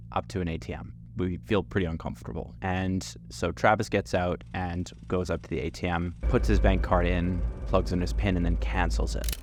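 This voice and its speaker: A man narrating a travel story as a vlogger, animated and acting out the dialogue. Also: sits low. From Canada. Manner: animated, acts out quoted dialogue.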